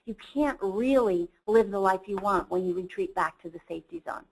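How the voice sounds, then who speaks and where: A woman speaks in a webinar, telling a personal story with earnest enthusiasm. Her voice is of middling pitch for a woman, and she talks like a presenter speaking to an audience she is trying to inspire. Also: a little fast, slightly rough, poor audio. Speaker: company CEO presenter.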